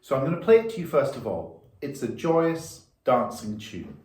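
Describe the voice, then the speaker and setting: This male violin teacher, recorded in an echoey room, counts beats aloud while patiently walking through rhythm in a music lesson. He speaks at a normal speed with few pauses, in a mid-range, sing-song voice with a darkish tone.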